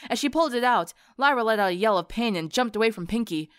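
A woman narrating a story for an audiobook in an expressive storytelling manner. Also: on the high side, fast talker, clear, resonant tone, no echo, clean studio sound. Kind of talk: audiobook narration of fan fiction.

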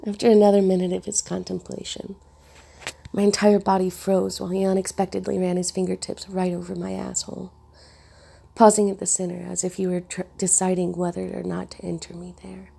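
A woman reads a first-person story in a hushed, intimate delivery. Her voice has a heavy gravelly fry and a husky, breathy edge. The tone is dark and mellow. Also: fairly low pitch, monotone, fairly quick. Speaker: narrator.

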